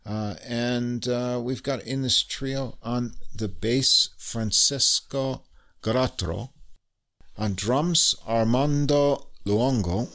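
A man hosting a jazz podcast, chatting casually about new piano records with lots of "uh" pauses. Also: medium pitch. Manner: relaxed, many "uh" pauses, enthusiastic. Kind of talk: casual music review chat.

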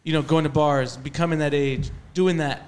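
A man's voice: fairly high pitch, steady tone, moderate pace. A man explaining his view earnestly in casual chat as a podcast co-host.

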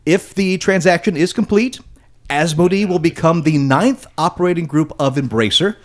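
A man's voice: fairly high pitch, moderate pace. Playful male podcast host. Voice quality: playful, announcer-like segment reads. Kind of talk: hosting a comedy podcast.

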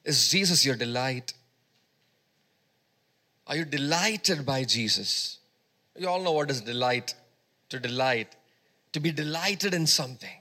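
A man's voice: medium pitch, lively intonation, unhurried, long pauses, pushed and bright. A man preaching a sermon as pastor at a church service, prompting the congregation to repeat words back to him in call-and-response.

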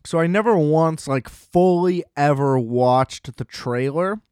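A man's voice: a little high, slow, darkish tone, smooth, dry recording, clean studio sound. A man co-hosting a casual movie podcast. He rants with a lot of swearing and laughs at his own complaints. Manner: ranting, profane, laughing at his own gripes. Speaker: podcast co-host.

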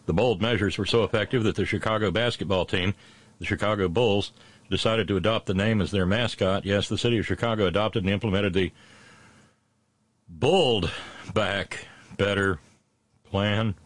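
A middle-aged man hosting a satirical on-this-day history segment, full of puns and sarcastic asides, slowing down for his punchlines. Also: lowish voice, steady tone, no echo. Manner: punning asides and sarcastic jabs; slows down for punchlines. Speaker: host of a daily history segment.

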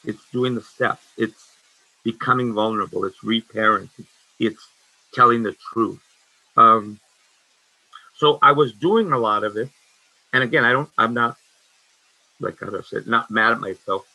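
A man in his sixties giving a frank, halting personal testimony at a meeting, with many restarts. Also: mid-range voice, creaky, sharp tone, no room sound, poor audio. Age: 60s. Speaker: recovery speaker sharing his story.

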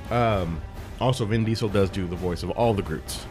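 A man's voice: fairly low pitch, normal speed, over music. A man on a casual podcast, explaining and objecting point by point. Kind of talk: casual chat.

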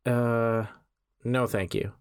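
A man voicing an awkward, polite male werewolf in a torn tuxedo, with a gravelly, throaty voice and a halting, hesitant way of talking. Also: mid-range voice, steady tone, no room sound, clean studio sound.

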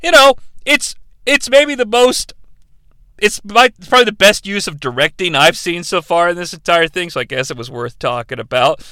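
A man's voice: sits high, expressive, moderate pace, bright, forceful tone, clear, resonant tone, dry recording. A man hosting a podcast, recapping a film in a sarcastic, rambling and profane way. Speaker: podcast host reviewing a film. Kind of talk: casual comedic film recap.

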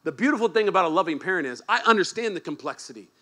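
A man preaching a sermon as pastor, animated and joking, moving from quiet asides to shouted emphasis. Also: high-pitched, very fast. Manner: joking, teasing the congregation.

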